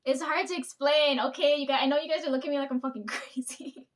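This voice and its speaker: A woman's voice: high-pitched, steady tone, quick pace. A woman in her twenties telling a rambling casual story, swearing freely, laughing mid-sentence and asking "right?" all the time. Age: 20s. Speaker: vlogger.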